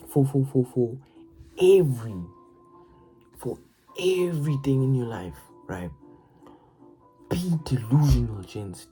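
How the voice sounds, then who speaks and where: A woman talks straight to her viewers in a low, dark voice, unhurried yet lively in pitch. She curses and stammers, restarting phrases as she hypes up her audience. Faint music plays behind her. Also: low-quality recording. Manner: profane, excitable, stammers and repeats words. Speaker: motivational vlogger. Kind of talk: casual motivational rant.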